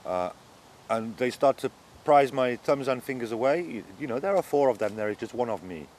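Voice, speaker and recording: A man's voice: medium pitch, lively intonation, a little fast, a little mellow, slight background noise. A man being interviewed, giving an earnest and shaken first-person account of his arrest, growing agitated as he goes on. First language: not German.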